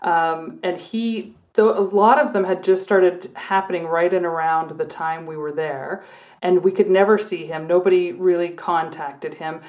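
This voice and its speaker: A middle-aged woman from Canada, a former police officer, telling her stories in a relaxed, chatty way on a podcast. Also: fairly low pitch, a little slow. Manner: chatty storyteller, talks readily at length. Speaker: guest, former undercover cop and prosecutor. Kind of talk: casual podcast chat. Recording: muffled lo-fi audio.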